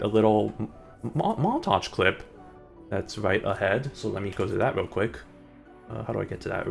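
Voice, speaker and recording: A man's voice: lowish voice, vocal fry. A young man streaming a driving game, rambling in casual commentary and mocking himself. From United States. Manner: rambling, self-mocking, breaks into sung snippets.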